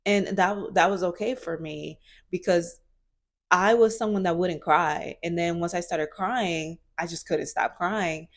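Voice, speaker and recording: A woman in her twenties shares her thoughts in an earnest, searching way, often pausing on "like" and restarting her sentences. Her voice sits on the low side for a woman. She speaks as a personal vlogger talking straight to her viewers. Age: 20s. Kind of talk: reflective personal vlog.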